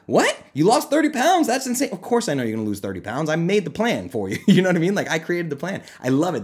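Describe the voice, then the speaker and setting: A man hosting his own podcast as a nutrition coach, talking casually and animatedly, often jumping into high, excited mock voices. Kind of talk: casual solo podcast talk.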